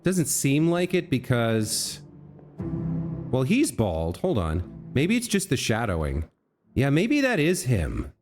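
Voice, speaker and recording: A man's voice: mid-range voice, huge pitch swings, takes it slowly, soft background music. A man hosting a let's play, thinking aloud as he reasons through a puzzle, often correcting himself and talking to the figures on screen. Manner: musing, self-correcting, talks to on-screen figures. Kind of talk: thinking aloud while gaming.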